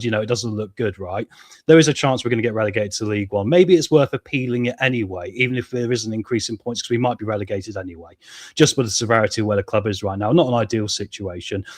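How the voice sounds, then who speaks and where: A man leads a relaxed football fan chat as host. His voice sits at an ordinary middle pitch. He lays out his points and checks agreement with a quick "right?". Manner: asks pointed questions, ends points with "right?". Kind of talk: casual discussion.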